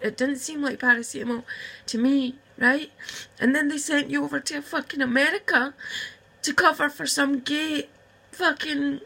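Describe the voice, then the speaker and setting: A woman's voice: high voice, vocal fry, sharp tone, poor audio. A woman, upset and close to tears, rambling heartfelt words straight to her estranged sister in a personal video message. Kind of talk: emotional personal message to camera.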